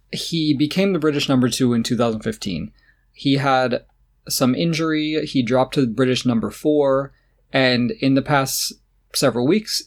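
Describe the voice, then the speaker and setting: A man co-hosting a podcast in casual chat, opinionated and sarcastic, often laughing as he talks. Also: mid-range voice. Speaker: podcast co-host. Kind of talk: casual chat about tennis.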